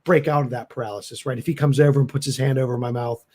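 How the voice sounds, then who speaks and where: A man's voice: mid-range voice, steady tone, fast, dark tone. A man playing a tabletop horror game, describing his character's actions in a hesitant way, with lots of ums and you-knows. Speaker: player.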